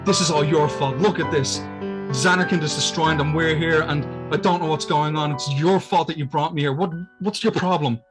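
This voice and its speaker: A man's voice: on the high side, moderate pace, over music, pitched above the performer's own voice, natural voice. A man doing a brash young hero, upset. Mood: upset, demanding. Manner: exclaiming, raised and protesting.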